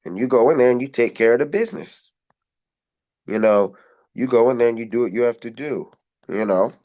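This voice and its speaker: A man's voice: mid-range voice, brisk, darkish tone, recorded from a distance. A man hosting a podcast, giving rambling, motivational sports commentary with lots of repetition and fillers. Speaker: podcast host.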